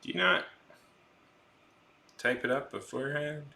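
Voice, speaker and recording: A man's voice: on the high side, measured pace, vocal fry, pushed and bright. A young man streaming his art and chatting casually to his viewers. He rambles and jokes, often restarting his sentences. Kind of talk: casual chat with a live stream audience. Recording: roomy echo.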